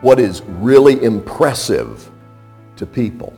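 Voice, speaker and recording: A man's voice: mid-range voice, very animated, takes it slowly, warm tone, soft background music. An older man preaching a radio sermon, emphatic and playful, firing off rhetorical questions. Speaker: pastor.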